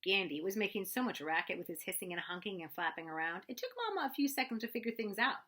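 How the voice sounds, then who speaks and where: A woman reading a children's novel aloud with expressive, animated narration. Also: mid-range voice, fast talker. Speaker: reader. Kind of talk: storybook read-aloud.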